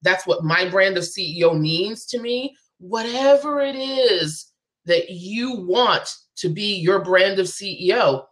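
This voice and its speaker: A woman's voice: mid-range voice, takes it slowly. A woman guest on a live show, a business coach talking in an emphatic, persuasive way and repeating her key phrases.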